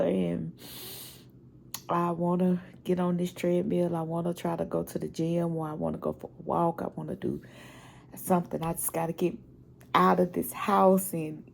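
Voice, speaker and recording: A woman's voice: on the low side, fairly even intonation, moderate pace, vocal fry, slight background noise. A middle-aged woman at home, recording a personal video diary and talking heartfelt and direct to her viewers. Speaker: vlogger.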